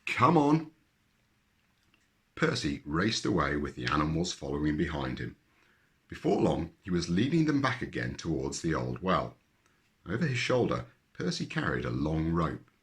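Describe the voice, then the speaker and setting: Deep-voiced lively male storyteller. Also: moderate pace. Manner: lively, expressive, deep narration. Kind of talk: children's story reading.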